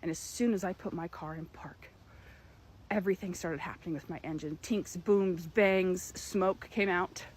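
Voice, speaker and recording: A young woman earnestly telling a personal story, with emphatic, dramatic pauses. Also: lowish voice, husky, poor audio. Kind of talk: personal story told to camera.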